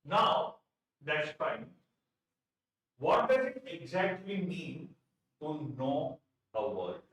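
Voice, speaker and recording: Echoey Indian English teacher lecturing. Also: male voice, a little high, big pitch swings, extremely slow, a bit bright. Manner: emphatic, repeats key phrases, asks and answers his own questions. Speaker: vocabulary teacher. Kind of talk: live online exam-prep lecture. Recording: very echoey room, distant from mic.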